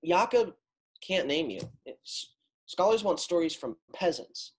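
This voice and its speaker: A stammering shy suitor. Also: male voice, on the high side, very animated, measured pace. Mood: nervous. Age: teens. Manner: stammering, hesitant. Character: shy young man, Ferdinand, playing frog. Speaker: student actor.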